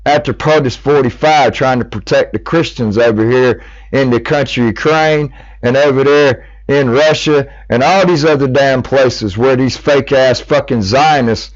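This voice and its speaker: Middle-aged man, ranting and cursing, heated public appeal, mid-pitched voice on a dull lo-fi recording. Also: no echo. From United States. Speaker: speaker making a public appeal. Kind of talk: angry monologue.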